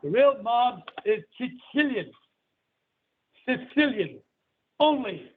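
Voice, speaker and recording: A man's voice: extremely high pitch, very animated, slow, husky. A man telling crude stories and bossing the others around on a call-in show, swearing freely. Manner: profane, storytelling, bossy. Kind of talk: crude casual call-in banter. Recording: tinny phone line with faint hiss.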